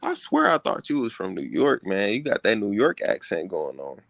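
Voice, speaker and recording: Deep, gravelly male co-host, laid-back slangy chat. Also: normal speed, no echo. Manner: relaxed street slang. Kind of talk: casual chat.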